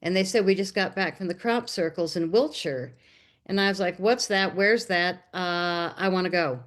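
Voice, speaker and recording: A woman with a lowish voice speaks at a moderate pace. She's an American documentary filmmaker appearing as an interview guest, casually telling a personal story and animatedly acting out the voices of the people in it.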